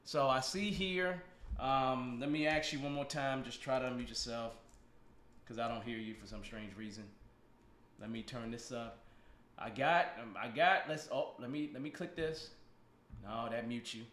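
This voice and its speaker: A man's voice: mid-range voice, moderate pace, a bit bright. A man hosting a casual live stream with a guest on a video call, joking, teasing and laughing often. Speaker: podcast host. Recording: roomy echo.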